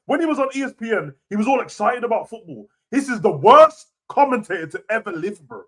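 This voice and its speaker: A young man rants casually about wrestling, full of slang and swearing, swinging between low mutters and loud outbursts. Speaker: wrestling reaction host. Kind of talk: casual rant.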